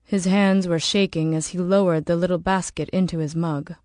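A woman reading an audiobook in slow, measured, dramatic narration. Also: lowish voice, fairly even intonation, darkish tone, no room sound, clean studio sound. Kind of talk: scripted narration.

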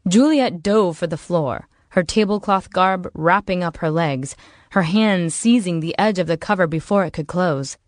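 A woman whose voice sits on the low side narrates a novel for an audiobook, following a script with calm, even pacing. The studio recording is clean, with no room sound.

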